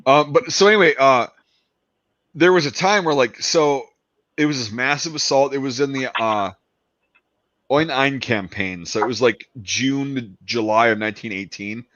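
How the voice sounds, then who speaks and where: A man in casual chat, telling a story with lots of energy and quick asides, acting out the people in it and swearing freely. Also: medium pitch, no room sound. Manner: excited storyteller, acts out quoted soldiers, swears. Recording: dull lo-fi dry sound.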